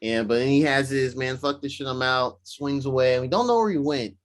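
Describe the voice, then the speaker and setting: A man co-hosting a podcast, chatting casually and recapping a film, acting out quotes in excited voices. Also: mid-range voice, a little fast. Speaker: podcast co-host. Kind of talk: casual chat recapping a movie.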